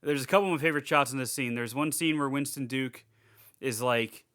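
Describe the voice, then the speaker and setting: Young man, podcast co-host, casual recap, bright crisp voice, filler-heavy and sweary. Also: medium pitch, brisk. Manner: rambling, swears freely, many fillers. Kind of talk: casual movie recap chat.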